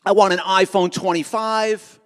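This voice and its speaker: A man's voice: high-pitched, fairly even intonation, unhurried, a bit bright. A man putting on the voice of a spoiled, bratty young woman who whines out her demands. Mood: demanding. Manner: whiny demands. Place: large school auditorium. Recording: echoey auditorium.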